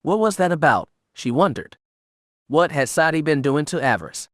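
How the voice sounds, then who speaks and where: A man narrating an unabridged audiobook in a steady, measured storytelling manner. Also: on the high side, no echo, studio quality.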